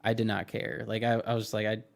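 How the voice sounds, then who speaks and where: A young man guest on a podcast, recalling his past in a reflective, halting way with many fillers. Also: on the low side, level tone, vocal fry. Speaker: interview guest. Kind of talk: casual podcast interview.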